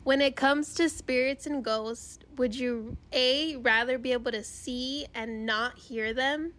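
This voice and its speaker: A woman on a podcast reading would-you-rather questions aloud in a slow, deliberate way. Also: high-pitched, steady tone, fairly bright tone.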